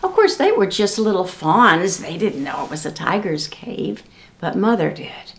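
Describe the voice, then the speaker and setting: Slow, gentle woman reading to children. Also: mid-range voice. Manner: gentle, expressive, teaching children. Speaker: children's librarian. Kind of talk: storytime read-aloud and sing-along.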